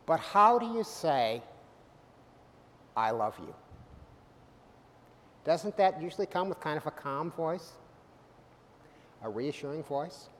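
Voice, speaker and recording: A middle-aged man preaching a sermon, animated and humorous, swinging from loud bursts to soft, quiet lines. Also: a little high, unhurried. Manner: humorous asides. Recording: hall reverb.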